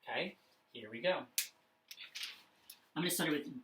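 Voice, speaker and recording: A woman teaching punctuation to young children in a slow, sing-song voice, often checking in with "okay?". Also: sits low, animated, fairly bright tone. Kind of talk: classroom lesson for children.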